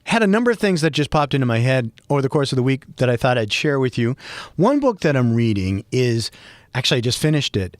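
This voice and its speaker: A middle-aged man from Boston with a Boston accent, hosting a solo podcast and rambling with wry, self-mocking humor and bursts of mock yelling. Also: medium pitch, very animated, quick pace, no room sound. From Boston, USA. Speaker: podcast host. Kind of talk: freeform solo podcast monologue.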